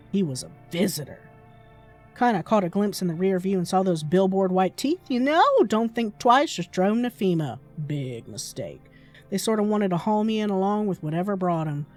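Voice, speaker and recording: A woman voicing a slangy male drifter on the run, rough and folksy in manner. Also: medium pitch, animated, moderate pace, darkish tone, soft background music, close to an everyday voice. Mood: pleading.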